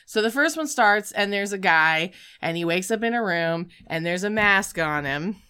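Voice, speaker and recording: A woman hosting a casual chat, recapping a film in an animated storytelling way and acting out scenes with shouts. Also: mid-range voice, normal speed, clean tone. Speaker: podcast host recapping films.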